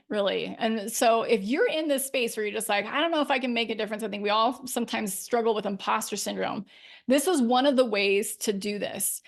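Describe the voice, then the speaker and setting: Upbeat woman coach, slightly high voice. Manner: upbeat, emphatic, laughs often. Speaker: life coach, podcast host. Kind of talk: solo podcast talk.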